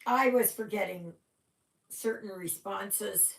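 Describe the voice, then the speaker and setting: A middle-aged woman talks unhurriedly to her livestream viewers while she stitches, her sentences often trailing off between yawns. Her voice sits at a medium pitch and carries the echo of an echoey room. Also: slow pace, creaky, noisy background. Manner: yawning, chatty, trailing off. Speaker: cross-stitch livestream host. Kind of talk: casual chat with live viewers.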